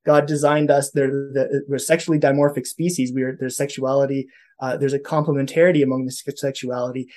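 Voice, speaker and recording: A man's voice: medium pitch, little pitch movement, brisk, darkish tone. A man from Canada talking earnestly in a casual conversation, thinking aloud and restarting his sentences. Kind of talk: casual podcast chat on faith.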